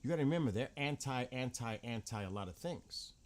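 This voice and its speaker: A man's voice: mid-range voice, expressive, brisk. A man ranting bluntly about politics in a casual vlog, heated and swearing often. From United States. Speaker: vlogger.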